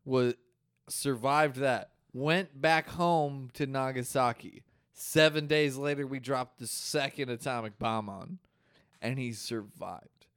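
A man's voice: medium pitch, slow, a bit bright. A man co-hosting a casual podcast who reacts with slang and easy laughs. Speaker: podcast co-host. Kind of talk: casual chat.

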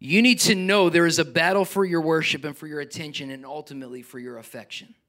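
A man preaching to his congregation in a lively, animated style. His voice sits high and bright. He surges into loud exhortation, then drops low for personal, confiding asides. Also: fast. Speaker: pastor. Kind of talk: sermon.

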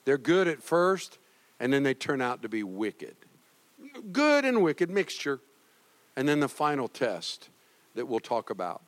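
A male pastor preaching a sermon, moving between loud exhortation and quiet, heavy passages. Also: mid-range voice, big pitch swings, a little slow, long reverb tail. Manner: swings from loud exhortation to hushed grief.

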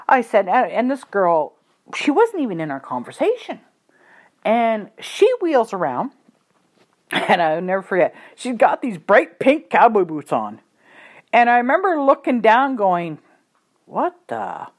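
A woman who trains horses, telling a story in a chatty, blunt, animated monologue. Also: fairly high pitch, measured pace.

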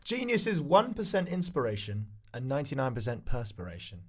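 A man co-hosting a casual pitch show, joking and reading notes aloud. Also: very animated, fairly quick, a little mellow, breathy edge. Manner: jokey, reads notes aloud, laughs often. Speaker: co-host. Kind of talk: casual panel chat.

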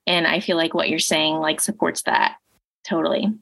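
A woman's voice: low voice, fairly even intonation, moderate pace, vocal fry, fairly bright tone, no echo. A woman hosting a casual podcast, reflecting thoughtfully on a guest's point. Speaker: podcast host.

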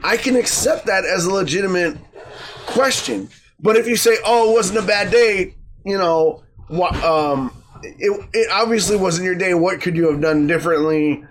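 Guy talking it through calm on a podcast, kinda high voice, bit of faint hiss. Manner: measured, reasoning with fillers and 'right?'. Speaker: podcast co-host. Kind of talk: casual podcast chat.

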